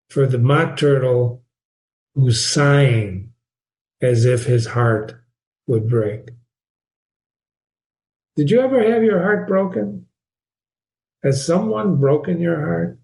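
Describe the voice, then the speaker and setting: A man's voice: fairly high pitch, darkish tone. Man teaching in an echoey room. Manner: repeats key phrases and asks the listener questions. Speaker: reading teacher and host. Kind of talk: informal literature lesson. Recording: roomy echo.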